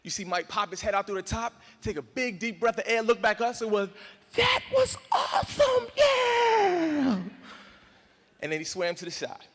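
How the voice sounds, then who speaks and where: A man giving an animated motivational speech to an audience, acting out the voices in his story and calling the crowd y'all. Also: high-pitched, fast talker, few pauses, big-room sound, a little hiss or hum. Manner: dramatic, acts out voices and screams, addresses crowd as y'all. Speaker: motivational speaker. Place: large hall in front of an audience.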